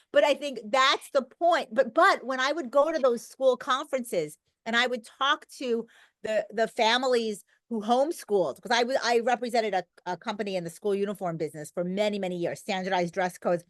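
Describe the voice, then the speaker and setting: A woman's voice: on the high side, normal speed, fairly bright tone, dry recording. A middle-aged woman talking as a podcast guest, an emphatic and talkative storyteller in casual conversation. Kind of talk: conversational interview.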